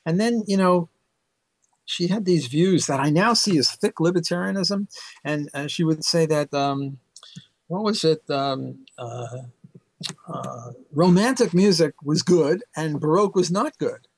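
An older man recounts his memories in an unhurried, rambling way, peppering them with fillers and bursts of laughter. His voice sits a little high for a man, and it sounds close and dry, with no room echo. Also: animated. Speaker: interview guest, economics professor. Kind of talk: casual storytelling interview.

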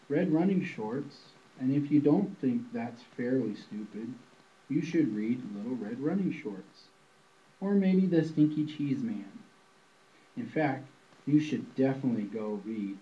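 A man's voice: mid-range voice, lo-fi sound. A man reading a children's picture book aloud in a playful, storytelling manner.

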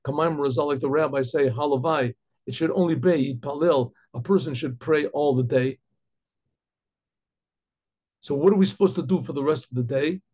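A rabbi teaching a Chassidic text, reading short phrases and explaining each one, often restarting and clearing his throat. His voice is husky and mellow and sits a little high for a man. The recording is dull and lo-fi. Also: moderate pace, long pauses. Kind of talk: Torah class, translating and explaining.

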